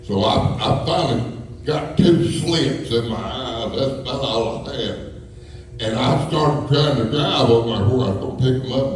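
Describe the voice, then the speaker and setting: A man's voice: medium pitch, a little slow. A man telling folksy, rambling stories to a live audience, chuckling as he goes. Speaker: storyteller. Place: school hall with a live audience. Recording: echoey hall from far off, faint hum.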